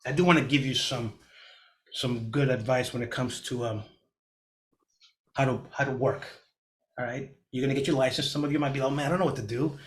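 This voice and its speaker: Over a video call, a middle-aged man delivers an energetic, motivational real estate lesson in a mid-range voice, speaking a little fast with frequent pauses. When he acts out panicked clients, his tone jumps up, raised and anxious, before settling back down.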